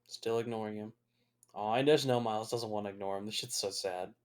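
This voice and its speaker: A man's voice: on the low side, fairly even intonation, fairly quick. A young man talking through a film as a casual watch-along commentary, swearing freely and reacting with open emotion. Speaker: movie reviewer.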